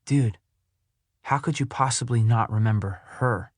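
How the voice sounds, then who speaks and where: A man's voice: medium pitch, a little slow, dry recording, clean studio sound, natural voice. A man reading an audiobook, voicing an impatient younger teenage brother who talks in a mocking way. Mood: exasperated.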